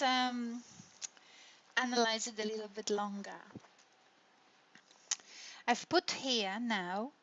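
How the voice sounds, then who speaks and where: This woman's slightly bright, higher-pitched voice belongs to a university lecturer walking listeners through intonation one step at a time. She keeps asking "right?" and "hey?" to check they're following. It's a dull, lo-fi recording of an online lecture.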